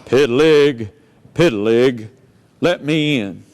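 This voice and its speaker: Wolf for a kids' storytelling set: big, bad, low and growly, slow and drawn-out, drawl, a man puts it on, in a hall with long reverb. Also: darkish tone. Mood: menacing.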